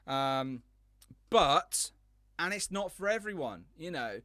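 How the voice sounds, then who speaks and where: A man's voice: a little high, very animated, takes it slowly, sharp tone, no room sound, clean studio sound. A man hosting a podcast, chatting casually and telling rambling stories with enthusiasm. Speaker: podcast host. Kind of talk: casual chat.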